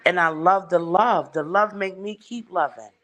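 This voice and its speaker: A woman's voice: lowish voice, normal speed, a bit bright. A woman hosting a livestream, talking bluntly and emphatically and swearing heavily. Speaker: livestream host. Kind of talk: casual chat.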